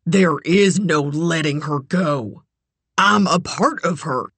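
A reader performs a possessive, menacing man in an audiobook thriller. He draws his words out slowly in a low, measured voice that can break into shouting. The recording is close and dry. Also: husky, no echo, full character voice. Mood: obsessive. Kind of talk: audiobook character voice.

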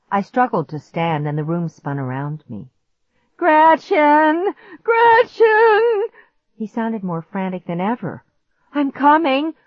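A woman's voice: on the low side, no echo. A woman narrating a first-person suspense story in a dramatic reading style, in dry, slightly dull lo-fi audio.

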